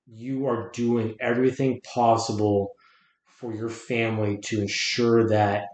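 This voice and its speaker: A man's voice: fairly low pitch, level tone, measured pace, darkish tone, a little hiss or hum. A man talking as a podcast guest, earnest and reflective, often restarting his words. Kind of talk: casual conversation. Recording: roomy echo.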